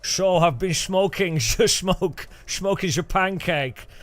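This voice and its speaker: A man's voice: sits high, slow, no room sound. A man voicing a stoned Dutch man in a put-on Dutch accent, drawling and giggling through his words. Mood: mocking.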